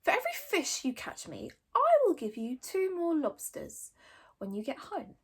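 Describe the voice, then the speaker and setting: A woman's voice: sits high, huge pitch swings, normal speed, pitched above the performer's own voice, full character voice. A woman voicing an anxious, patient young Viking boy who pleads and reasons with his dragon, in a storybook reading. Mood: reasoning.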